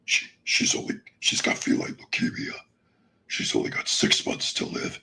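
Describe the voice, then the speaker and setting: Doctor Claw, a rasping cartoon villain. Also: male voice, normal speed, poor audio. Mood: menacing. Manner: loud, menacing growl. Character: snarling male cartoon supervillain, scheming, vengeful.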